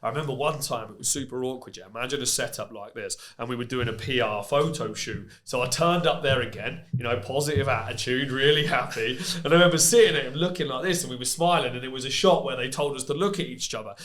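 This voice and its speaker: A man, a podcast guest who runs a construction business, telling candid stories and often filling pauses with "you know" and "yeah". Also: mid-range voice. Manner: candid, lively anecdotes with frequent fillers like "you know" and "yeah". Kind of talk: casual podcast interview storytelling.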